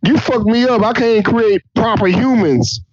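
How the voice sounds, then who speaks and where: A man voicing a male God who gripes profanely about warm beer, in a higher, whiny voice. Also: unhurried, dry recording, dull audio. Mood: griping.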